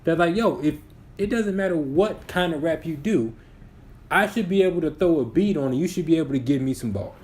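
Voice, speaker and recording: A podcast co-host in his twenties speaks in a slightly high, a little mellow voice, expressive and brisk. In this casual chat he argues his opinions, often restarting sentences as he builds his points.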